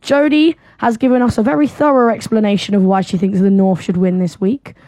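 Teasing southern English radio co-host. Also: female voice, medium pitch, fairly even intonation, a little fast, dry recording. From South of England. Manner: teasing and playful, gently sarcastic. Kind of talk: casual radio chat.

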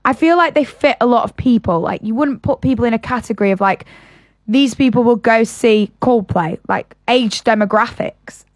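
A woman's voice: fairly high pitch, normal speed, dry recording. A young woman co-hosting a live radio show, rambling casually with lots of fillers. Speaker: radio co-host.

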